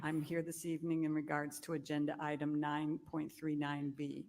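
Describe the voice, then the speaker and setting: A woman at a council meeting, reading a prepared public comment in a steady, formal way. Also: low voice, normal speed, crowd noise. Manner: steady, formal, read aloud.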